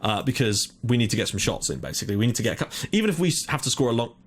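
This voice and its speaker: A young man giving excitable live commentary on his own football management game, thinking aloud and swearing when it goes wrong. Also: medium pitch, racing. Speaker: gaming commentator.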